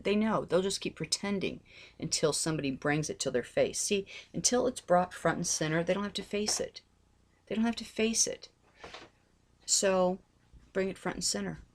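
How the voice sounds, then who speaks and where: Woman, middle-aged, lowish voice; earnest religious vlogger, pleading, repeats herself. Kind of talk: heartfelt personal talk.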